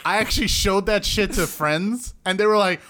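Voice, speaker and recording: A man's voice: high-pitched, normal speed, noisy background. A man co-hosting a podcast, rambling through jokey stories in casual chat. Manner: joking, rambling storyteller. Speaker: podcast co-host.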